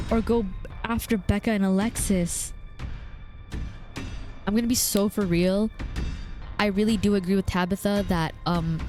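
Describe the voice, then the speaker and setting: A woman's voice: mid-range voice, a little mellow. A woman streamer thinks aloud about her choices in a chatty, flustered way. Her talk is loose and casual. Faint game music sits behind her.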